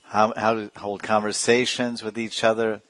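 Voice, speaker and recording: Male spiritual teacher, low-pitched, lively storyteller, dry close mic. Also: moderate pace, no echo. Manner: animated storyteller with sound effects and asides. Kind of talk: devotional storytelling class.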